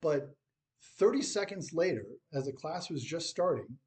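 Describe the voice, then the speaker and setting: Dry, wry man with measured pauses. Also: on the high side, expressive, darkish tone. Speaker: teacher. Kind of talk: scripted commentary to camera.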